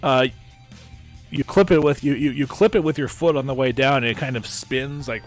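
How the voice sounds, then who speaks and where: A man's voice: mid-range voice, normal speed, faint music behind. A man running a tabletop game as game master, describing the action casually with many restarts. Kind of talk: narrating and ruling a tabletop game.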